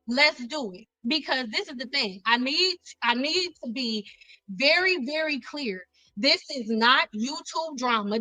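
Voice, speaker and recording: Intense high-voiced woman, fired up. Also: sharp tone, no echo, rough recording. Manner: intense, emphatic, repeats herself. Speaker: YouTuber, spiritual coach. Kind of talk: heated livestream monologue.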